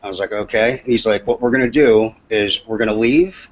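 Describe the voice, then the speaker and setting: Podcast host, male, husky voice, loose profane storyteller, dull lo-fi sound. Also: fairly low pitch, a little fast. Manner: profane, rambling, laid-back storyteller. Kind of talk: casual storytelling chat. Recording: dull lo-fi audio.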